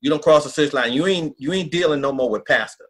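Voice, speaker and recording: A fairly high-voiced, middle-aged man speaks quickly. He's a pastor sharing a personal story in a podcast interview, earnest and folksy, acting out what other people said.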